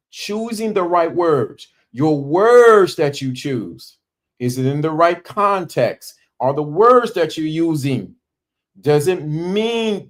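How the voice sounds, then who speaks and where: Emphatic preacherly man with pauses. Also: fairly high pitch. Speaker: podcast host. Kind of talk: motivational talk.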